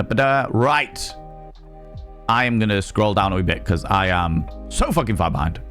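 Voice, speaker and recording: A young man with a low voice chats casually on a live stream. He's jokey, profane, and rambling, reading the chat out loud as he goes.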